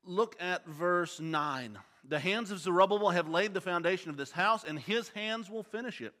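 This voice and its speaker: Bright-voiced man teaching a Bible class. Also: sits high, moderate pace. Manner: quizzes the class with questions. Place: church auditorium. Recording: long hall reverb.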